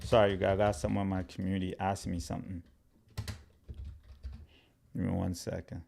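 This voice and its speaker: A man running a casual crypto-education livestream talks a little fast in a low, darkish, level voice with vocal fry, over a faint hiss or hum. Loose and chatty, he speaks directly to viewers, reads comments aloud, and fills his talk with "like" and "right?".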